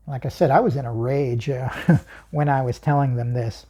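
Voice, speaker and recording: A woman's voice: extremely low pitch, normal speed, warm tone, breathy edge. A woman hosting her own channel, telling a personal story in an emphatic way, chuckling often and asking herself questions.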